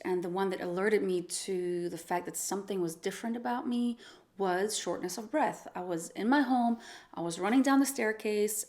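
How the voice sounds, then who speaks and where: A woman's voice: medium pitch, a little mellow. A pregnant young woman, a singer-songwriter, talking openly and earnestly to camera in a casual vlog, going through a numbered list. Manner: earnest, open and chatty, reading list items aloud.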